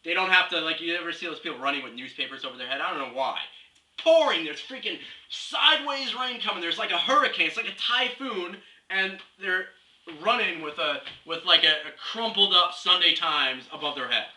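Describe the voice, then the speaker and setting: Captured from afar in a spacious room with a faint hiss, this comedy video blogger speaks in a high-pitched, expressive, bright voice with real force. He's young, talks a little fast, and hops between topics in a scatterbrained comic rant built on mock-serious reasoning.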